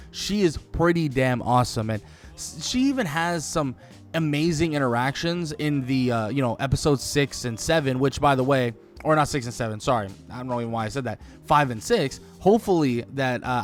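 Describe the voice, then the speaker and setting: A man giving casual video commentary on a game, rambling and enthusiastic, full of "like" and quick self-corrections. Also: medium pitch. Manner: rambling and enthusiastic, heavy use of "like", corrects himself. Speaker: gaming video creator.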